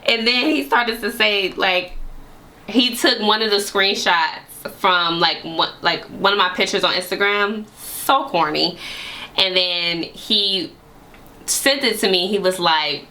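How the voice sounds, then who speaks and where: Sassy, animated woman telling a story. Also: medium pitch, takes it slowly. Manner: animated, sassy, slangy retelling with frequent laughs. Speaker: vlogger. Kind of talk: casual storytime.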